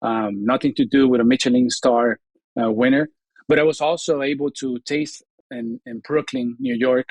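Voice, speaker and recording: A man's voice: mid-range voice, fairly even intonation, normal speed, darkish tone, dry recording. Earnest man. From Venezuela. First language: Spanish. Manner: earnest, repeats words, leans on "you know". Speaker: guest chef and TV host. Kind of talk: casual interview chat.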